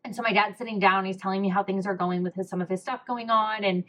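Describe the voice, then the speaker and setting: A woman's voice: medium pitch, fairly even intonation, quick pace, a bit bright. Young woman telling an emotional personal story. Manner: emotional, candid, many fillers like "like" and "um". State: close to tears. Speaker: podcast host.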